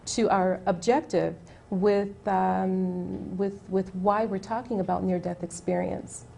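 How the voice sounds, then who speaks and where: A woman's voice: mid-range voice, steady tone, slow, creaky, dark tone. A woman interviewer who guides the talk with brief questions and frequent agreeing murmurs.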